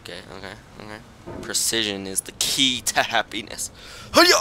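A young man commenting on his own gameplay, pleading with himself and muttering, with sudden high yelps when things go wrong. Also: sing-song, normal speed. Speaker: gaming channel host. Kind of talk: let's-play commentary. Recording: loud background noise.

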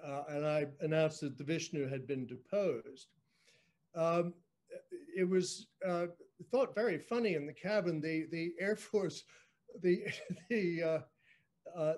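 A man in his sixties, a guest telling a story with dry, self-mocking humor, halting often with fillers and restarts. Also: a little high, a little mellow. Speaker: guest storyteller, former speechwriter. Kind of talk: anecdotal storytelling on a virtual book event.

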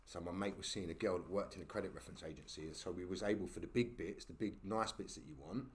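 Man, very deep voice, animated, slangy, casual storytelling, podcast guest. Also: fast. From England. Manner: animated, full of slang and "yeah?" tag questions.

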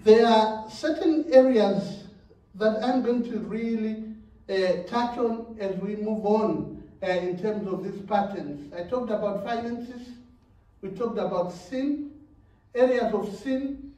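A man with a high, mellow voice preaches a sermon. He repeats his words and laughs softly between phrases. The recording is very echoey and sounds like a church hall heard from some way off. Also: slow, far from the mic.

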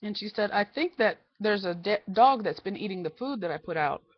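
A woman vlogger telling a rambling, exasperated story about her family, quoting each exchange in quick back-and-forth. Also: medium pitch, animated. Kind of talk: casual storytelling rant. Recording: slightly dull lo-fi home recording.

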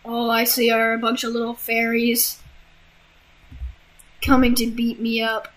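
A young woman casually commenting on a game she is playing, laughing and reacting out loud. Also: fairly high pitch, monotone, unhurried. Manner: giggly, exclamatory, reacting out loud. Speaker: gamer.

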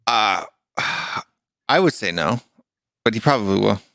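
A man's voice: on the low side, animated, unhurried, creaky, bright, forceful tone, dry recording, clean studio sound. A young adult man co-hosting a podcast in casual chat, talking in an exasperated, rambling way with lots of fillers. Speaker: podcast co-host.

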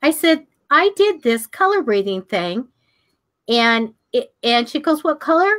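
An older woman co-hosting a psychic talk show, telling stories in a casual, animated way, acting out the voices of people in them and laughing often. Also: on the high side, slow pace. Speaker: psychic radio show co-host. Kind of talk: casual storytelling chat.

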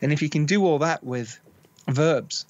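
A film director appears as a guest on a podcast interview, animatedly telling stories and acting out quoted dialogue. His voice is on the high side at normal speed, recorded with no room sound and the highs cut off.

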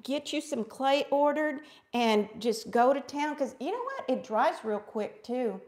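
A woman's voice: sits high, lively intonation, unhurried, a little mellow. A middle-aged woman hosting a live craft stream, bubbly and chatty, calling her viewers friends. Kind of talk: casual live craft demo chat.

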